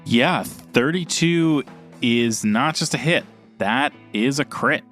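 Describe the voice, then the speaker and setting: A man's voice: mid-range voice, takes it slowly, fairly bright tone, soft background music. A man playing a tabletop game, chatting casually and thinking aloud about his moves. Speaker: player.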